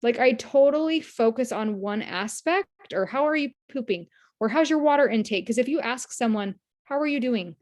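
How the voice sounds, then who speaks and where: A woman's voice: on the high side, expressive, moderate pace, darkish tone. A woman team leader giving a casual, earnest motivational talk on a video call, telling stories and acting out quoted lines. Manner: chatty, earnest, storytelling with quoted voices.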